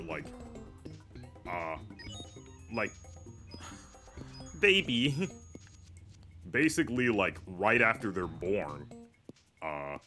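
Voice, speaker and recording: A young man talks over his gameplay in a loose, rambling way, full of fillers and restarts. His voice sits on the low side. Game music plays clearly underneath him. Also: fairly bright tone. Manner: rambling, filler-heavy chatter. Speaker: streamer. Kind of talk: casual gameplay commentary. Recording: music playing behind.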